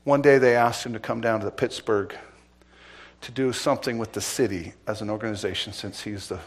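A middle-aged man preaching as pastor, asking the congregation pointed questions and swinging between loud emphasis and quiet asides. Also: on the low side, steady tone, a little fast. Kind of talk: sermon.

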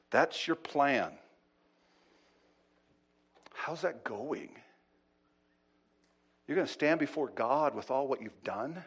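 A man preaching a sermon. His delivery swings between loud, urgent pleading and low, hushed asides, and he often repeats words as he restarts a thought. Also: animated, extremely slow, pauses often, husky. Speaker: pastor.

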